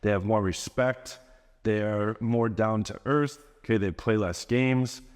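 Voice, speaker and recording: A man acting as a dating coach delivers an assertive, declarative monologue. His voice sits fairly low, and a long reverb trails each phrase. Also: fairly even intonation, measured pace, clear, resonant tone. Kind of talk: social media monologue.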